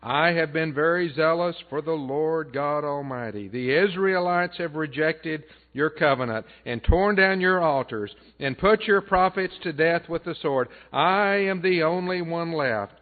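A man's voice: on the high side, measured pace, hardly any pauses, pitched above the performer's own voice, close to an everyday voice. A man preaching, voicing a weary, complaining male prophet with indignant, pleading words, on a tinny line. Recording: tinny phone-like band.

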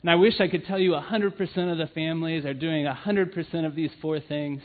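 This sermon comes from a church family ministry leader whose voice is a little high and steady, moving a little fast. He earnestly recounts personal stories, often saying "um," and the sound is tinny, like a phone.

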